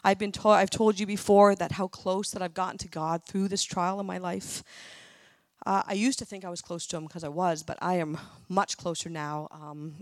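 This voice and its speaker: A woman's voice: on the low side, no echo. A middle-aged woman sharing a personal testimony at church, earnest and emotional. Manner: earnest, emotional, tearful at times. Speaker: church speaker.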